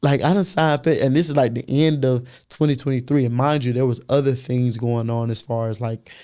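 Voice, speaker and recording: Mellow-voiced young man sharing a testimony. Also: medium pitch, fairly quick. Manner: earnest, animated storytelling, acting out quoted speech, stacking repeated words. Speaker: guest, youth pastor and worship leader. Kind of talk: casual testimony in a podcast conversation.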